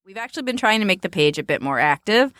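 A woman's voice: medium pitch, lively intonation, quick pace, fairly bright tone, dry recording, clean studio sound. A woman in her thirties co-hosting a podcast, telling self-deprecating stories in casual chat, laughing often. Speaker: podcast co-host.

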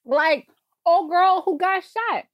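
A woman's voice: very high voice, takes it slowly, no room sound, lo-fi sound. A woman co-hosting a podcast, ranting in casual conversation, emphatic and profane. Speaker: podcast co-host.

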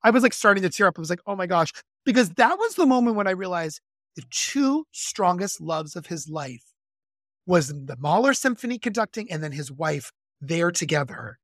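An enthusiastic podcast co-host who teaches music, chatting about a film and rushing through asides. The delivery is gushing and animated. The recording is dry and close, with no room sound. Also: medium pitch, dry recording. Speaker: music educator and conductor. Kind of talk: casual film discussion.

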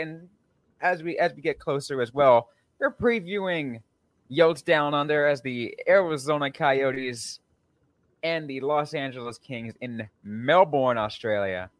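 A man's voice: a little high, moderate pace, dry recording. A man hosting a daily hockey podcast, upbeat in his opening and then loose and hesitant in conversation. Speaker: podcast host. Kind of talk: casual sports podcast chat.

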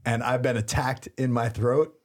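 Man, 30s, priest, casual podcast storytelling, animated, laughing, mid-pitched voice. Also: normal speed.

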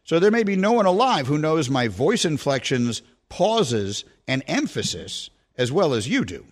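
Animated male radio host, wry. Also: fairly high pitch. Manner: animated, wry, speaks in lists with rhetorical pauses. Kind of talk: casual sports radio banter. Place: radio studio.

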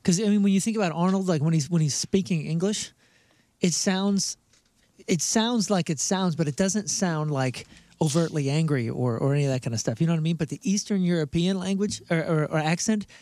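A man's voice: on the high side, fairly quick, dark tone, no echo. A man co-hosting a radio show, telling rambling stories with restarts along the way. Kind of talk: casual radio banter.

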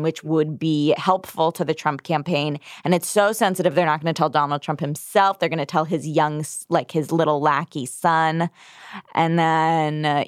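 A woman with a somewhat low voice co-hosts a podcast, riffing sarcastically on the news. Her delivery is animated and mocking. The sound is dry and close to the mic. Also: no echo. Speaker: podcast co-host. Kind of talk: casual comedic political chat.

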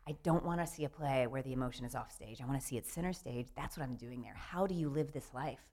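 A woman's voice: very deep voice, quick pace, darkish tone. A woman, a playwright, chatting animatedly in an interview, laughing and restarting her sentences. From Southern United States. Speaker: playwright guest. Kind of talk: casual interview chat.

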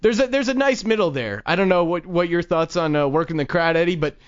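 A man's voice: a little high, expressive, fast talker, clear, resonant tone. A young man hosting a casual talk show, telling stories and laughing often. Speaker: host. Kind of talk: casual chat. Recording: dull lo-fi sound.

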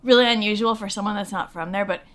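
A middle-aged actress from Massachusetts, chatting as an interview guest, self-deprecating and full of fillers. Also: female voice, mid-range voice, quick pace, a bit bright. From Lexington, Massachusetts. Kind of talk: casual interview chat.

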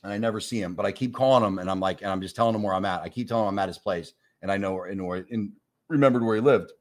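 Comic guest, man in his 40s, from New York, lowish voice, animated, profane, does the voices. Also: racing. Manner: animated storyteller acting out quoted voices, swears freely. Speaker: comedian guest. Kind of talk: casual storytelling chat.

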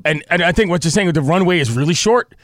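A man co-hosting casual sports radio, dropping wry asides. His pitch moves a lot, and his voice sounds dry and close. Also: animated, fast talker, a bit bright, no room sound. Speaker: radio co-host.

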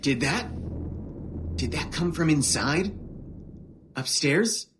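A man's voice: fairly high pitch, lively intonation, slow, fairly bright tone, slight background noise. An actor playing a laid-back young man who talks in a casual, joking, slangy way, as audio drama acting.

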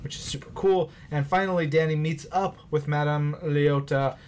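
A man's voice: a little high, fairly even intonation, normal speed, darkish tone, slight background noise. A man co-hosting a podcast, loosely recapping comics in a chatty, joking way with lots of fillers. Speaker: podcast co-host. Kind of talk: casual comic book review chat.

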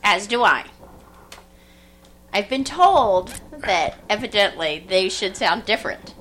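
A woman hosting a casual group chat, animated and laughing at her own mispronunciations. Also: mid-range voice, slow. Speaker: podcast host.

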